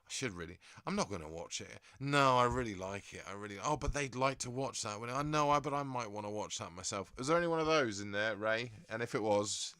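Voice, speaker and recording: A man's voice: medium pitch, lively intonation, brisk, hardly any pauses, sharp tone, smooth, no room sound, clean studio sound. An English man hosting a stream in a casual, rambling way, reading out viewer comments and laughing often. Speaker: livestream host.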